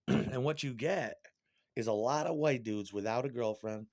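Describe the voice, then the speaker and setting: A man's voice: mid-range voice, a little slow, darkish tone, no room sound, studio quality. A middle-aged man delivering a crude, profane, rambling monologue.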